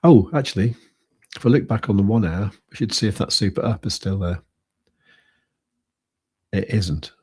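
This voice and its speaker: This British host of a crypto trading livestream pauses often as he thinks aloud over charts, using lots of fillers in casual commentary. He speaks at a normal speed in a fairly low, warm, slightly rough voice.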